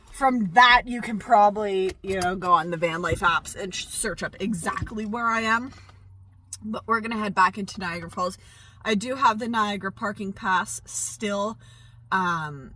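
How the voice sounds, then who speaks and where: A woman's voice: mid-range voice, pushed and bright, no room sound. A young woman chatting candidly to camera about her life in a camper van, with frequent fillers and asides. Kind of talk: casual vlog chat to camera. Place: in and around a parked camper van. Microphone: camera on a tripod.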